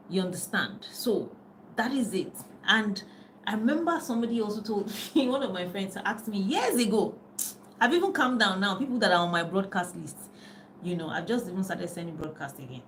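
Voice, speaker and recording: A woman's voice: medium pitch, slight background noise, poor audio. A middle-aged woman coach talking casually and chattily on a live video, often losing her thread and laughing. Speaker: life and business coach. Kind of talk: casual live-stream talk. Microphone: phone on a live video.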